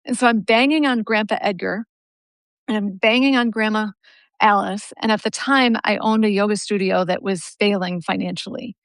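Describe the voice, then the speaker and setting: A woman telling a personal story with animated energy, laughing easily, on a live video call. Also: mid-range voice, moderate pace, no echo. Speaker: guest yoga teacher.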